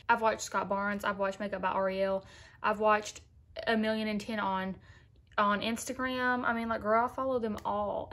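A woman's voice: fairly high pitch, a bit bright. A young woman talking casually to viewers in a makeup tutorial, chatty and sassy, calling them girl. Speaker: beauty vlogger.

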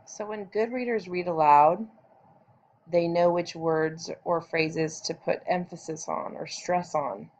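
Slow, deliberate woman teacher reading aloud. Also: low voice, a little mellow. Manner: deliberate, stresses words for emphasis; clear instructional delivery for children. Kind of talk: read-aloud reading lesson.

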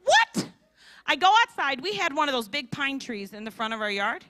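A woman preaches at a women's conference, and her voice sits high and swings widely in pitch. Her tone is bright, and she acts out the people in her stories. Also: fairly quick, no echo. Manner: animated storytelling with acted-out voices. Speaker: conference speaker. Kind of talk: sermon.

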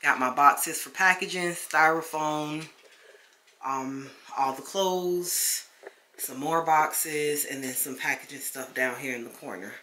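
Her low voice comes out slow, pushed, and bright over slight background noise as this woman vlogs at home. Relaxed and chatty, she addresses viewers directly as "child," and the indoor room echoes.

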